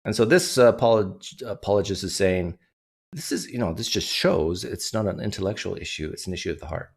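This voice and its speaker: A man's voice: sits low, fairly quick, vocal fry, darkish tone, breathy edge. A man hosting a livestream, talking casually and reading donation messages aloud. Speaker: livestream host.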